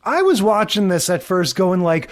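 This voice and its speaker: A man co-hosting a podcast, casually recapping an old sitcom episode in a wry, relaxed way, chuckling as he talks. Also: sits high, normal speed. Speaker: podcast co-host.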